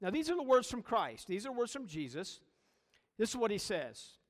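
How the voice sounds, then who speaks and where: A pastor preaching a sermon, emphatic and full of rhetorical questions and repeated phrases. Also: male voice, very high-pitched, very animated, unhurried, big-room sound.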